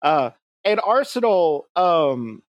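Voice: medium pitch, sing-song, slow pace, no echo, dull audio. A podcast host chatting casually about comics, rambling with frequent restarts. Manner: rambling, many fillers and restarts. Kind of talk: casual comic-book chat.

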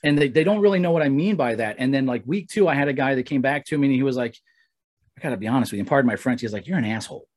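A man in his forties, appearing as a guest trainer, tells stories during a casual podcast conversation and gets animated when acting out quotes. His mid-range voice is very fast, with few pauses.

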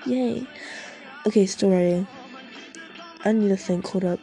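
Speaking slowly in a warm, medium-pitched voice, a woman vlogger chats as she browses the internet. She's rambly and giggly, cursing freely and interrupting herself mid-sentence, with faint music in the background.

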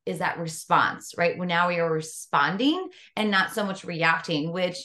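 A woman hosting a podcast and coaching clients, speaking in an energetic, affirming, conversational way. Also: fairly low pitch, moderate pace. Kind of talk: casual podcast interview.

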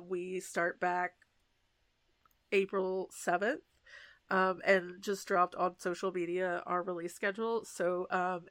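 Gravelly-voiced woman chatting casually. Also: fairly low pitch, no room sound. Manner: chatty, animated, swears casually. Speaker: podcast co-host. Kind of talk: casual chat.

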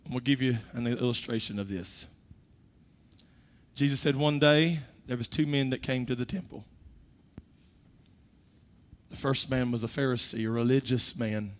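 A middle-aged man preaching a sermon, his voice swelling from soft to loud as he makes his point. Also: medium pitch, normal speed, long pauses. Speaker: pastor.

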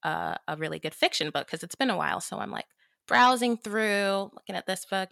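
Woman, podcast host, casual storytelling, chatty and animated, bright tone, close dry sound. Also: medium pitch, brisk, vocal fry, no echo.

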